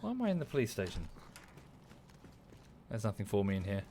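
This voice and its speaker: A lowish, dark-toned male voice swings hugely in pitch at a brisk pace, with a little hiss or hum. He's a game streamer from southern England speaking Estuary English, casually talking as he plays live, naming viewers to thank them and cursing the game under his breath.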